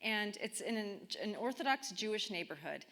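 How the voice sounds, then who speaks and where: Woman, mid-pitched voice, chatty storytelling sermon, chapel. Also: animated, normal speed, fairly bright tone. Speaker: speaker giving the talk. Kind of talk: conversational sermon.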